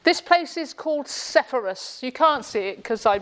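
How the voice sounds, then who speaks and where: A woman's voice: high-pitched, animated, moderate pace, slight background noise. Sarcastic woman lecturing and quizzing a group. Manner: quizzing the audience. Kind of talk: classroom lecture with jokes. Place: indoor room with a live audience.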